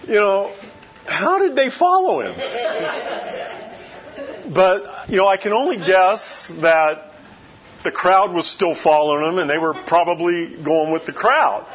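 Husky high-voiced man preaching conversationally. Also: lo-fi sound. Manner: conversational storytelling with many "you know" asides. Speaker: pastor. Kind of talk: sermon.

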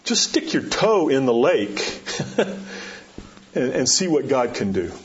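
A man's voice: medium pitch, big pitch swings, slow, slight background noise. A man pastor preaching a sermon, emphatic and storytelling, repeating rhetorical questions. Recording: dull lo-fi recording.

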